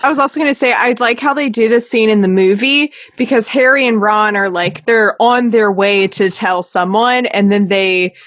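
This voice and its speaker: A woman's voice: mid-range voice, normal speed, few pauses, a bit bright, no echo. A woman co-hosting a podcast who rambles through her points, full of little fillers and giggles. The recording is close and dry, with no room sound. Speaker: podcast co-host. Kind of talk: casual chat.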